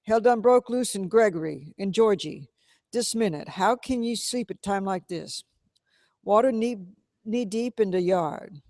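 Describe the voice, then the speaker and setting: A man's voice: sits high, steady tone, a little slow, darkish tone, dry recording, studio quality. A man voicing a young Southern man fleeing a flood, speaking urgent dialect.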